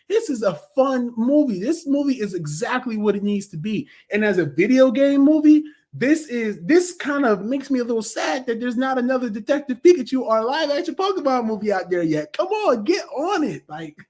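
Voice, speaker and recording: A man in his thirties giving a casual, animated movie review, full of slang, fillers and mocking impressions of critics. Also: very high-pitched.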